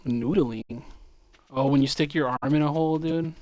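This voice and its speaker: A man's voice: a little high, unhurried, a little mellow, no room sound. Young man, casual streamer chat, profane storytelling, dry close sound.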